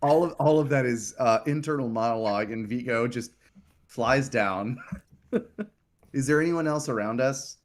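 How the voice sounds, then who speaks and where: A woman playing a tabletop game, chatty and quick to laugh. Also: extremely low pitch. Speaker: player. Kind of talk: casual tabletop play.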